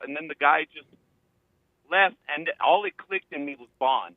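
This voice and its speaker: A male caller from California tells a rambling story and acts out what people said. His voice sits a little high and comes through a thin, tinny phone line with no room sound around it. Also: moderate pace, no room sound. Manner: rambling, acting out quotes. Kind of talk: telling a story on a call-in show.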